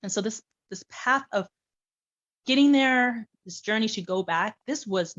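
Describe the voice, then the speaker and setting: A woman's voice: a little high, a little slow, lo-fi sound. A woman casually telling her own adoption story, acting out the dialogue with lots of animation. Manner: animated, acts out quoted dialogue, laughs often.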